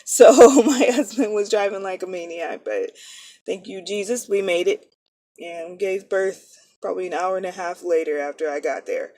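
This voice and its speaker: A woman's voice: medium pitch, normal speed, dark tone, a little hiss or hum. A woman in her thirties, a nursing student, chatting casually and rambling, often correcting herself mid-sentence. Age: 30s. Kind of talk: casual chat.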